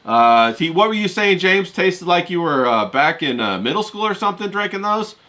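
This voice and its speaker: Bright, lively man hosting a livestream. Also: high voice, moderate pace. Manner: teasing, addresses chat, eggs guest on. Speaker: livestream host. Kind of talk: casual livestream chat.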